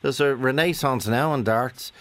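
A man hosting a radio phone-in, asking probing questions with lively banter. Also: medium pitch, normal speed, a loud crowd. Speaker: radio host. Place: radio studio.

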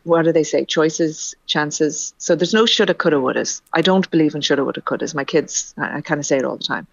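A woman's voice: low-pitched, fairly quick, vocal fry, no room sound, dull audio. A woman guest talking effusively in a casual radio interview, repeating her words as she gushes. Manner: effusive, bubbly, repeats herself.

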